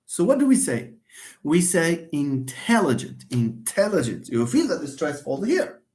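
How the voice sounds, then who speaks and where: A man lectures on phonetics at a moderate pace, his pitch lively and engaged. As a linguistics lecturer running a live online class, he calls viewers friends and greets them by name, often repeating himself and answering questions he poses.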